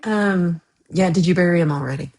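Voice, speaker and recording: A woman's voice: lowish voice, fairly quick, a little mellow. Chatty teasing woman hosting a livestream. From Texas. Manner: chatty and teasing, with playful outrage. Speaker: livestream host. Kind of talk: casual livestream chat answering viewers.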